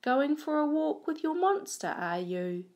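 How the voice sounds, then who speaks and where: A woman voicing a bossy shop woman from a storybook she reads aloud in class, with a sharp, scolding manner. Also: sits high, very animated, a little slow, pitched above the performer's own voice. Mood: teasing.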